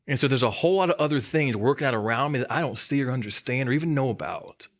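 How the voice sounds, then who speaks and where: A man's voice: mid-range voice, expressive, fast talker. A man giving a sermon as a church's student ministry coordinator, conversational and emphatic, repeating key lines and adding light humor.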